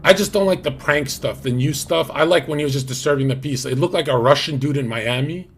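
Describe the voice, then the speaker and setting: Husky-voiced young man chatting on stream. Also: a little high, fairly quick, a bit bright. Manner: rambling, slangy, many fillers and restarts. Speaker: livestream host. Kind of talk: casual livestream chat.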